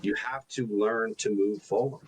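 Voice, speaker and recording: A man's voice: lowish voice, steady tone, a little slow, husky, poor audio. A man co-hosting a coaching podcast, talking earnestly in a casual conversation and often repeating words as he builds a point.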